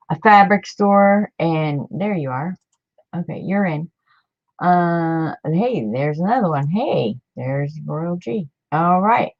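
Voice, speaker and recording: A woman's voice: on the low side, dull audio. A woman hosting a craft video, talking casually to her viewers in a chatty, rambling way with many fillers and restarts. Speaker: craft channel host.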